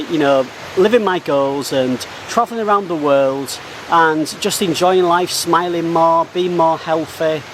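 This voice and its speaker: A man talking casually to camera as he walks outdoors through a garden, upbeat and motivational, getting excited as he speaks. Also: fairly high pitch, slight background noise, low-quality recording. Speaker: travel vlogger. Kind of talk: casual walk-and-talk to camera. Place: outdoor botanical garden, walking.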